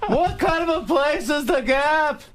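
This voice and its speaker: A man doing an impression of a famous male comedian, ranting in high, exaggerated, indignant questions. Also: measured pace, over music. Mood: incredulous. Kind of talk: celebrity impression.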